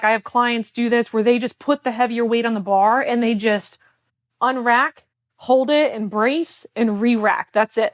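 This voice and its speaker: A woman's voice: fairly high pitch, dry recording, studio quality. A woman health coach in a casual talk, telling a personal story in a chatty way, full of fillers and quoted back-and-forth.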